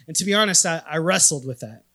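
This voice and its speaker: A man from Minnesota in his thirties preaching a sermon, telling stories with animated, emphatic swings in loudness. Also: on the high side, fast talker. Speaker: pastor.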